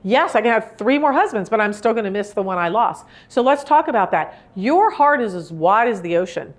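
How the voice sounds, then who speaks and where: A woman's voice: mid-range voice, expressive, fairly quick. A woman in her sixties giving a live talk on grief, speaking in an earnest, rambling, conversational way. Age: 60s. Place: indoor room with a live audience.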